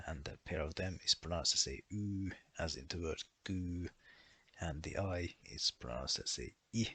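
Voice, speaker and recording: A man's voice: low voice, bright, forceful tone, husky. A man narrating a language lesson as a voice-over, going through pronunciation rules methodically and listing one example after another. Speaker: language explainer.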